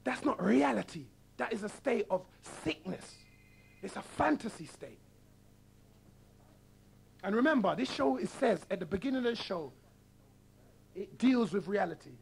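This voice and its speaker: A man's voice: high voice, animated, moderate pace, gravelly, long pauses, breathy edge. A man hosting a radio talk show, delivering a combative monologue full of rhetorical questions and blunt mockery. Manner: mocking, blunt.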